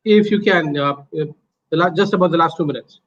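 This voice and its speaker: Hesitant host on a dull call. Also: male voice, on the high side, fairly quick. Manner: hesitant, many uh fillers, polite. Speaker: host, moderator. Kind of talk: online talk moderation. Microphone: video call. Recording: dull lo-fi call with faint noise.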